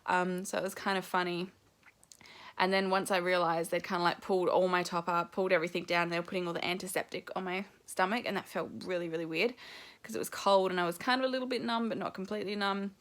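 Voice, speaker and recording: A woman's voice: on the low side, fairly even intonation, fast talker, a bit bright. Chatty woman vlogger telling a story. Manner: chatty, laughing, full of fillers and acted-out quotes. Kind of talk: casual storytelling to camera.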